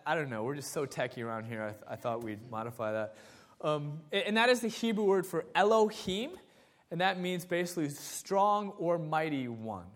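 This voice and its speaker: A young man preaching a sermon as assistant pastor, telling self-deprecating stories in a conversational way. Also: high-pitched. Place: church sanctuary.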